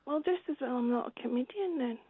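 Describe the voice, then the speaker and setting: High babyish woman on a phone line. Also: fast, slightly rough, no echo. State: tired, lying down. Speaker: caller. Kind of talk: radio phone-in call.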